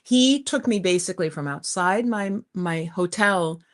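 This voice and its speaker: A middle-aged woman hosting a livestream, telling a personal story in a chatty, animated way with frequent laughs. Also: fairly low pitch, a little slow. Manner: chatty and animated, often laughing and saying "you guys". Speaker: spiritual teacher hosting a livestream. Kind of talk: live-streamed personal storytelling.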